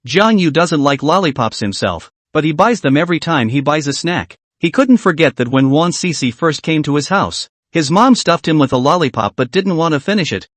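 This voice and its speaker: A man narrating a comic recap in a slightly high voice that swings widely in pitch. The reading is flat and machine-like, recorded close and dry with no room sound. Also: moderate pace, hardly any pauses, no room sound.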